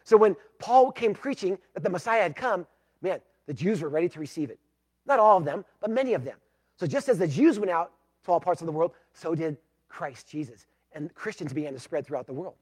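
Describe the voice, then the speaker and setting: High-voiced guy preaching a sermon, gets loud then goes real quiet and pleading. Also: expressive, brisk. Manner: emphatic, swinging from loud to hushed. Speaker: pastor.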